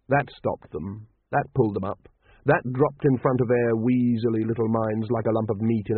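A man's voice: fairly low pitch, fairly even intonation, moderate pace, breathy edge, no echo. A man narrating a comic fantasy audiobook in a wry storytelling manner. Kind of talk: scripted narration. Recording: dry, tinny, phone-like sound.

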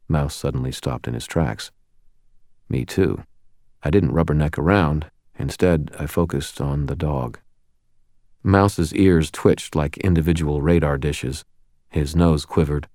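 A man's voice: very deep voice, a little slow, darkish tone, no echo. A man narrating an audiobook in the first person, with a dry storytelling manner. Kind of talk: scripted narration.

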